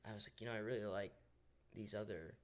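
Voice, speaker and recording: A woman's voice: a bass voice, fairly even intonation, fast talker. A woman hosting a podcast, chatting in a wry, joking way. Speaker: podcast host. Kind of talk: casual podcast chat.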